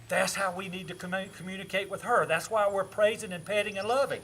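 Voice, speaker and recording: Bright-voiced dog trainer. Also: male voice, sits high, steady tone, fast talker, few pauses. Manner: talks to the dog in soft praise, explains to camera. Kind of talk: casual demonstration. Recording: faint background noise.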